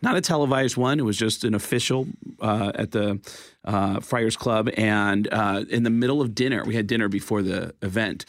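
A male comedian and impressionist telling comic stories in a casual chat, animated and laughing along. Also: fairly low pitch, moderate pace. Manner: animated, slips into voices, laughs while telling.

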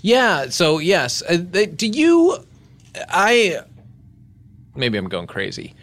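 A man's voice: high-pitched, huge pitch swings, slow, fairly bright tone. A man hosting a podcast, questioning his guest in a dry, mock-serious way. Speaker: podcast host. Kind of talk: casual podcast interview.

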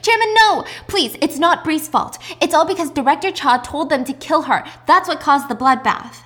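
A woman's voice: sits high, animated, moderate pace, fairly bright tone, pitched above the performer's own voice. A woman voicing a young female intern who pleads in a raised voice. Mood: pleading.

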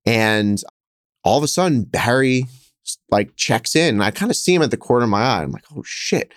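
A man in his thirties, a hotel investor, telling stories in a lively, conversational way, speeding up and getting louder as he acts out scenes. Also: medium pitch, clean tone, dry recording, studio quality. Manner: animated, quick storyteller who gets louder acting out scenes. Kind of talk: conversational interview storytelling.

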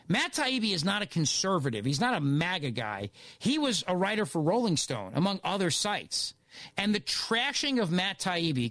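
A man hosting talk radio, riffing in a sarcastic, digressive monologue. His voice sits high and swings all over the place. The studio sound is dry and close. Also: a bit bright, no room sound. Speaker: guest radio host.

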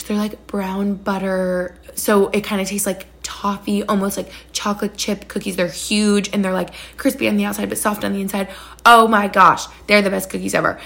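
Gushing, chatty woman with gravelly edges. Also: mid-range voice, fairly bright tone. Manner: bubbly, chatty, gushing, lots of "like" and "oh my gosh". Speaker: podcast host. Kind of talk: casual chat.

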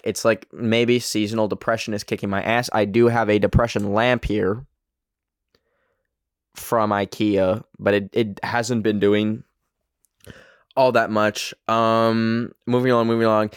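A man's voice: fairly low pitch, fairly even intonation, moderate pace, no room sound, clean studio sound. A young man with a Canadian accent hosting his own podcast, rambling and swearing in a self-deprecating way. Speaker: podcast host. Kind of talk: casual solo podcast rant.

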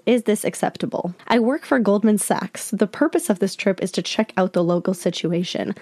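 A woman reading aloud the messages of a rude, abusive male scam guest, slowly and a bit higher than her usual voice. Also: warm tone, no echo, lightly acted. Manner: slow, slightly raised reading of quoted messages.

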